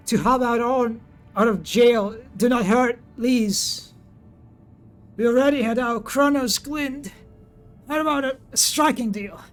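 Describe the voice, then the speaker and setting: A man's voice: very high voice, pitched above the performer's own voice. A man voicing a nervous male pirate who pleads hesitantly for a trade, reading game dialogue aloud.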